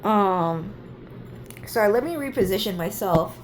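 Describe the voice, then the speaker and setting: A woman's voice: medium pitch, expressive, measured pace, a little hiss or hum. A woman vlogger telling a story casually, rambling and swearing, with plenty of fillers and side remarks.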